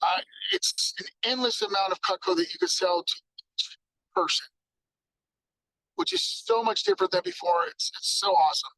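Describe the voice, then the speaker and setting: A man giving an energetic sales training talk, acting out exchanges with customers. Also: very high-pitched, moderate pace, gravelly, long pauses, poor audio.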